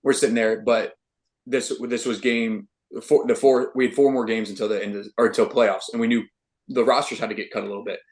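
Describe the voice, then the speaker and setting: A young man, a baseball pitcher, telling a story in a casual interview with lots of slangy "dude" and "like" fillers. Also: steady tone, fairly quick. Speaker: guest, professional baseball pitcher.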